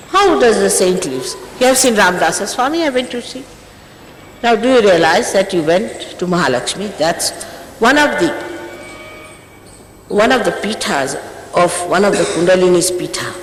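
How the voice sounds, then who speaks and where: A woman's voice: mid-range voice, lively intonation, moderate pace, long pauses, slight background noise. A woman in her sixties, a spiritual teacher, sternly scolding her followers with emphatic rhetorical questions. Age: 60s. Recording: echoey hall with long reverb, faint ambience, 1980s archive tape.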